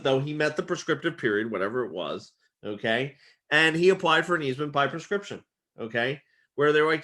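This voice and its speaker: A man teaching a casual real estate exam lesson, chatty and full of fillers like "okay", his voice getting worn and hoarse. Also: on the high side, a bit bright. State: losing his voice.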